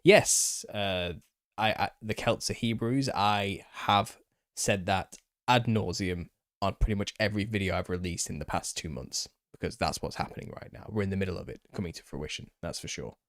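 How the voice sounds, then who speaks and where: A man in his thirties with a Northern English accent, talking loosely through viewer comments on a live stream. His voice sits on the low side, with a dry, close sound and no room around it. He rambles and chuckles as he goes. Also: normal speed, fairly bright tone, no echo. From England. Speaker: channel host.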